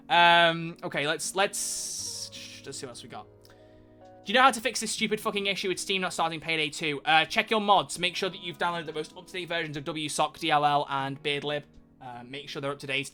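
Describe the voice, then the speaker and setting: Fast-talking, bright-voiced male streamer. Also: fairly high pitch. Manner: rambling, chatty, answers chat questions. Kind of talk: casual live-stream chat.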